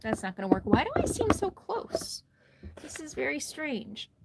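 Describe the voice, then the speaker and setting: A woman's voice: high-pitched, wildly swooping pitch, normal speed, vocal fry, heavy background noise. A tired woman hosting a casual RV livestream from her phone, chatty, greeting viewers by name and laughing often. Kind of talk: casual live stream chat. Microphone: phone held close.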